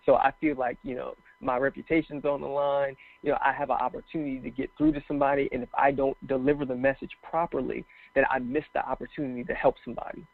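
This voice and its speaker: A man's voice: mid-range voice, level tone, fast talker, gravelly, few pauses, dry recording. A man speaking as a guest motivational speaker, talking earnestly and with passion in casual interview chat over a phone call. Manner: earnest, passionate, tells stories with acted quotes. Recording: dry tinny phone line.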